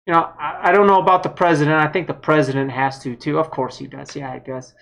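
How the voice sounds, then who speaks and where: A woman's voice: low voice, fairly even intonation, fast talker, creaky. A woman giving a blunt, heated political opinion monologue, with some mild swearing. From United States. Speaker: vlogger.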